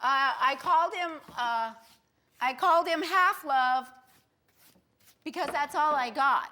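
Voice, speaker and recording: High-voiced, wry woman comedian. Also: takes it slowly, long pauses. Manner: wry, animated, self-mocking. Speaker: stand-up comedian. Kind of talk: stand-up storytelling.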